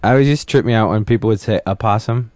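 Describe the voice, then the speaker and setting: A man hosting a podcast in relaxed, casual chat, telling little stories with amusement. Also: fairly low pitch, very fast, dry recording. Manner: relaxed, laid-back, amused storyteller. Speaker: podcast host.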